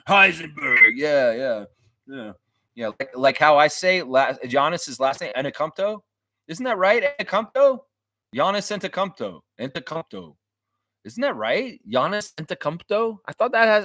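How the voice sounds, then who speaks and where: A man chatting casually as host of a fan livestream, his pitch rising and falling freely as he rambles along. He pokes fun at himself and repeats words as he goes. The sound is dry and close, with no room echo. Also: sharp tone. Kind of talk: casual live-stream chat.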